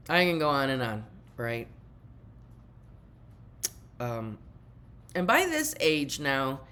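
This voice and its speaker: A woman's voice: extremely low pitch, slight background noise. An older woman giving an earnest spiritual talk and speaking directly to her viewers as a teacher.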